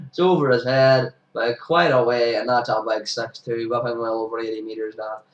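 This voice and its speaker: A young man, sniffly with hay fever, giving casual commentary over his club's cricket highlights and bursting into excited shouts at big moments. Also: fairly quick, hardly any pauses. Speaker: amateur cricket commentator for his own club. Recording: roomy sound, distant from the mic.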